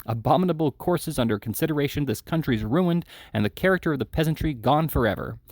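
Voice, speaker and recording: A man's voice: a little high, lively intonation, fast talker, darkish tone, dry recording, studio quality, voice pushed up. A man reading aloud and voicing a pompous, stern middle-aged parish beadle who scolds with indignation.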